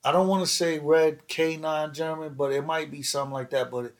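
A man telling street stories in an animated way, full of slang and swearing. His voice sits a little high for a man. He slips into other people's voices as he tells it. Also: brisk. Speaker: podcast host telling stories. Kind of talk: casual storytelling chat.

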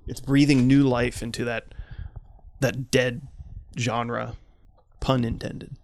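A man co-hosting a comedy podcast, riffing with rambling, playful deadpan banter into a close mic. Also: mid-range voice, slow pace.

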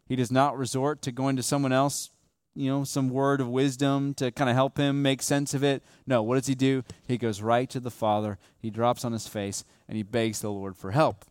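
A man's voice: medium pitch, flat delivery, moderate pace, smooth, no echo, clean studio sound. Man preaching, conversational and emphatic. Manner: conversational, often tags lines with "okay?" and "right?"; shifts between hushed emphasis and raised, stressed lines. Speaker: pastor. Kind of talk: sermon.

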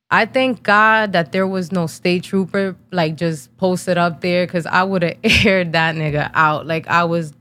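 A woman in her thirties, from New Jersey, tells a painful personal story on her podcast. Her voice sits a little low, and her telling is blunt and casual, full of slang and swearing. She is holding back tears as she talks. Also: fairly bright tone. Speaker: podcast host.

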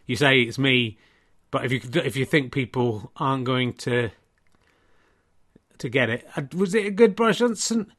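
A man's voice: mid-range voice, moderate pace, a bit bright. A middle-aged man hosting a comic solo podcast, rambling and self-mocking, with many restarts. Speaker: podcast host and comedian.

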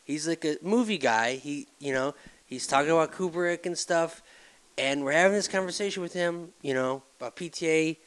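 A man's voice: a little high, normal speed, clear, resonant tone. A man hosting a podcast in casual chat, telling stories animatedly and acting out quotes. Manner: animated storyteller, acts out quotes. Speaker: podcast co-host.

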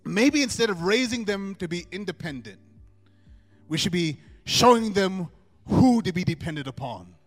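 High-voiced preacher with a lively delivery. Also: male voice. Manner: emphatic, swings from soft asides to loud drawn-out proclamations. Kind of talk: sermon. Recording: long hall reverb with faint music.

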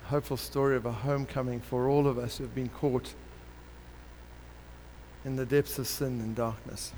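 A man preaching a sermon, telling a parable in an animated way and acting out the characters. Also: mid-range voice, normal speed. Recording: long hall reverb with faint background noise.

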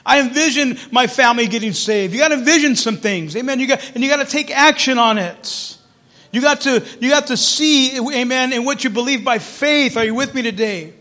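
A man preaching as pastor, telling his story quietly, then building to loud, fervent calls. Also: very high voice, brisk. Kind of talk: sermon.

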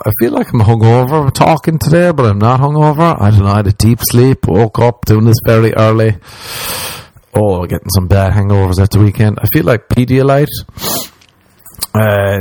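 A man with an Irish accent and a fairly low voice, talking alone into a podcast microphone. He rambles through a comic story, swears freely and mocks himself. The sound is dry and close, with no room around it. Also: normal speed, creaky, a little mellow, dry recording, low-quality recording. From Ireland. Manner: rambling, profane and self-mocking, slipping into exaggerated voices when quoting people. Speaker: podcast host. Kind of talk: casual comedic storytelling monologue.

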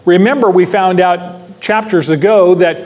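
High-voiced pastor teaching scripture. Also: male voice, normal speed, darkish tone. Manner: emphatic, repeats key phrases, asks the audience questions. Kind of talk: expository Bible teaching sermon.

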